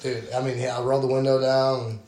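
A man's voice: mid-range voice, flat delivery, fast, darkish tone, slight background noise. Brash young man telling stories. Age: 20s. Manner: brash, profane, tells stories with quoted voices. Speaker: guest. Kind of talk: casual storytelling. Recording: echoey room.

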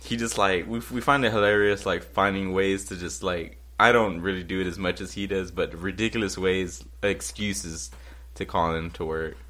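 A male podcast co-host rambles casually, swearing and leaning on lots of filler words. His voice is low-pitched and a bit bright, with a steady tone at normal speed.

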